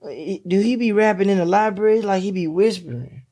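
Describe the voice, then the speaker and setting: A man's voice: high voice, moderate pace, warm tone. A man in a casual chat, laid-back and encouraging in his slang. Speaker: podcast host.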